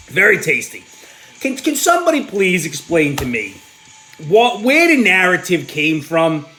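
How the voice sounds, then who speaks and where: A man hosting a vlog, giving sarcastic, exasperated political commentary that bursts into shouting. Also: high voice. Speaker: host.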